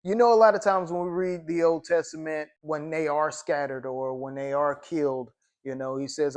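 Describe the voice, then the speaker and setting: Man, slightly higher voice, informal Bible study teacher, reads definitions aloud, keeps asking "okay?". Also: fairly even intonation. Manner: explains slowly with frequent "okay?" check-ins.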